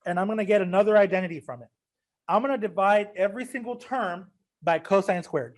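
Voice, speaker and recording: A man's voice: high-pitched, fairly quick. A man teaching a math lesson, casual and joking, talking straight to his students. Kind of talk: recorded class lecture.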